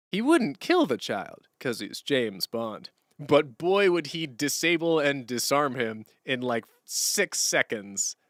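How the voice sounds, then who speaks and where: Chatty man streaming, crisp voice. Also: mid-range voice, sing-song, slow pace, a bit bright, no room sound, studio quality. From Canada. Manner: rambling, chatty, answers chat questions, laughs easily. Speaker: streamer and musician. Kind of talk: casual live-stream chat. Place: room at home, sitting on a hardwood floor.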